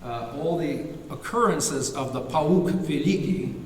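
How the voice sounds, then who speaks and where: A man giving an academic lecture, halting with fillers and restarts, now and then singing a short chant phrase. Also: fairly high pitch, animated, a little mellow, a little hiss or hum. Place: lecture hall. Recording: echoey hall recorded from far off.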